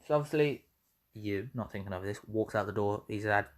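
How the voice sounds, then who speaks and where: A man's voice: lowish voice, fairly quick. Rambling, swearing young man. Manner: rambling, self-correcting, swears freely. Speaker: vlogger. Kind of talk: casual rambling retelling of a fan story.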